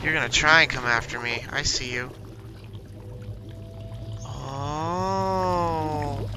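A man's voice: a little high, fairly even intonation, drawn-out words, pauses often, noisy background. A young man hosting a gaming channel, giving jumpy let's-play commentary and talking to himself and to the monsters chasing him.

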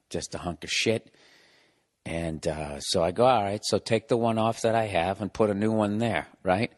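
In a low voice with a large-hall sound, a Bostonian man in his forties rants from his home podcast setup. It's a rambling comic monologue, sarcastic, profane and animated.

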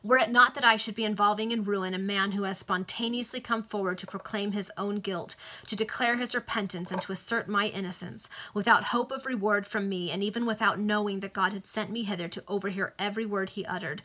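A woman's voice: medium pitch, sharp tone. A woman reading the part of an earnest young man who speaks in a solemn, impassioned way.

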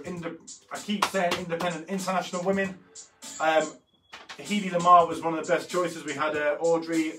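A man's voice: on the high side, fairly bright tone. Rambling man in his thirties. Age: 30s. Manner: chatty and rambling, with frequent fillers and self-corrections. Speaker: art workshop host. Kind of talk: casual walkthrough of artwork. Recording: slightly distant mic with faint music behind.

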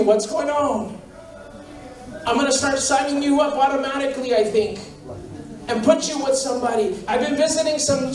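A man preaches a lively, joking sermon and keeps circling back over his own phrases. His voice sits high and carries from a distance. It rings through a very echoey church hall, with a faint hum behind it. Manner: joking, animated, repeats phrases. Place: church sanctuary.

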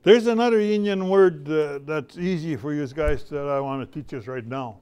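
A man's voice: on the high side, normal speed, a little mellow, clean tone. Older man talking to kids. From Canada. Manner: storytelling, folksy, repeats phrases. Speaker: visiting artist. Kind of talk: casual talk to schoolchildren.

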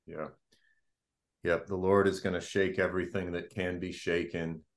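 Low-voiced man hosting a ministry interview. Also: flat delivery, moderate pace. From Boston area. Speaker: host.

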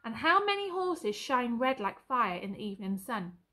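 An earnest young male soldier from a storybook, pleading and emotional, his lines pitched a little high. A woman reads him aloud, with urgent feeling in every line. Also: sing-song, moderate pace, pushed and bright, full character voice.

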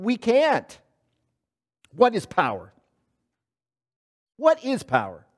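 Animated high-voiced preacher. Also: male voice. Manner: animated preaching with dramatic voice swings, acting out quotes. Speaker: pastor. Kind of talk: sermon. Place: church sanctuary.

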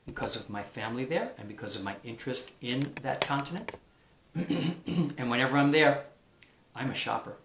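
A man teaching a remote class, talking in a chatty, enthusiastic way and drawing out words for emphasis. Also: mid-range voice. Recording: roomy echo, faint noise.

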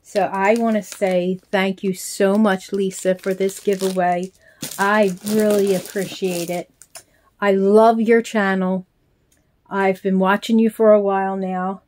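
A woman's voice: mid-range voice, flat delivery, a little slow, a little mellow. An older grandmother chatting casually to viewers, gushing and heartfelt, with frequent ums, filmed on a handheld phone in her small room at home. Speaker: reborn doll collector vlogger. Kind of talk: casual chat to camera.

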